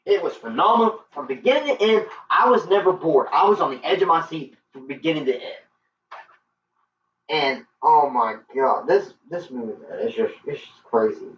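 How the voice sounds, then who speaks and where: A man's voice: fairly high pitch, expressive, normal speed, a bit bright, slight background noise. A man giving a casual spoken movie review, eager and rambling with lots of fillers. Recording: roomy, distant, dull lo-fi.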